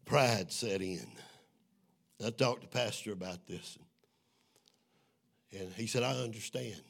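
A middle-aged man, preaching his testimony in a sermon, moving from hushed storytelling to shouting. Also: fairly low pitch, measured pace, gravelly, slightly rough. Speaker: evangelist.

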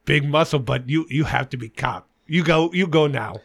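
Give me a pushy masseuse speaking in broken English, put on by a man, a bit gravelly. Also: a little high, moderate pace, fairly bright tone. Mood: insistent. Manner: clipped broken phrasing, repeats herself. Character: insistent massage parlor woman, suspicious, broken English.

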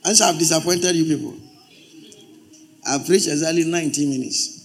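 A man's voice: fairly high pitch, moderate pace. A male pastor preaching a sermon, emphatic and repeating his exhortations.

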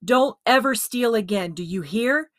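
A woman's voice: lively intonation, unhurried, no echo. A woman acting out a stern father, harsh, controlled, then roaring, dry close recording. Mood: furious. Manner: low, constrained, then roaring. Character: stern, harsh middle-aged German father.

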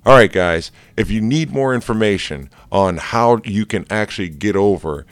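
A man's voice: fairly low pitch, normal speed, smooth, no room sound. A married man, a life coach, giving a casual, jokey motivational talk with many fillers. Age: adult, married with kids. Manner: energetic and jokey, loose with fillers.

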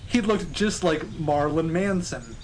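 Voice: medium pitch, expressive, unhurried, slight background noise, low-quality recording. A podcast co-host doing a comic dramatic reading of a story, stopping often for laughing asides. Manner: reads with frequent laughing asides.

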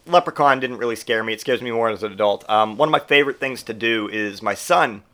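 Man, podcast host, profane, rambling, animated, recovering from a cold. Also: medium pitch, fast talker. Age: adult parent who grew up in the eighties. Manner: profane, rambling and animated, with mock voices for quotes. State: getting over a cold, coughing. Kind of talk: casual comedic monologue.

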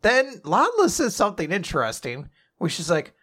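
Brief: young male podcast co-host, bright and slightly high, animated, acts out quotes with laughter. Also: moderate pace, husky. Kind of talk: casual manga recap chat.

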